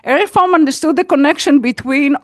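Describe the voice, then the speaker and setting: Earnest high-voiced woman, emphatic. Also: fairly quick, dry recording, studio quality. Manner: earnest, emphatic, repeats key words. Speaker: audience member asking a question. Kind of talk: unscripted comment from the floor.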